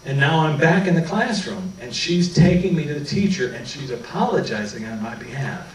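A man's voice: a little high, a little fast, a little hiss or hum. A man giving a talk to an audience about his own experiences, telling stories and acting out what people said. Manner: animated storytelling, acting out quoted dialogue. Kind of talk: public talk with personal anecdotes. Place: meeting hall before an audience. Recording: echoey hall, voice from far off.

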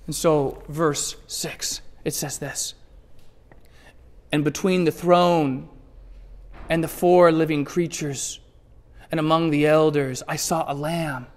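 High-voiced preacher in an echoing hall. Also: male voice, unhurried. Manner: animated, swings from hushed asides to loud emphatic bursts; conversational, playfully acts out scripture scenes. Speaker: pastor. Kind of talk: sermon. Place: church sanctuary.

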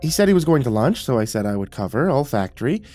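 A man's voice: mid-range voice, big pitch swings, fast talker, mellow, faint music behind, pitched above the performer's own voice, natural voice. A man doing a meek, nervous woman guard. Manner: timid and hesitant. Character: meek, nervous female security guard in her thirties.

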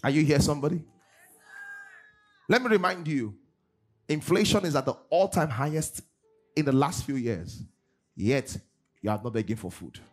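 A man preaches with a lively, swooping voice that sits a bit high for a man. His tone is husky, and soft music plays behind him. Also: moderate pace, long pauses. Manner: animated preaching, mimics congregants, laughs often. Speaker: pastor. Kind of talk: sermon.

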